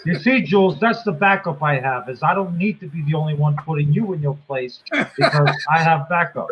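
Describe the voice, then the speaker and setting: A man's voice: a little high, a little fast, highs cut off, background noise. A man in a casual live chat, teasing the others in playful banter.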